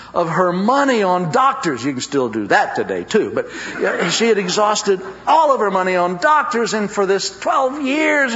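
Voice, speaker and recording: Animated male preacher, dull recording. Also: a little high. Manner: dramatic, with drawn-out emphatic phrases. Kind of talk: sermon. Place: church service with a congregation.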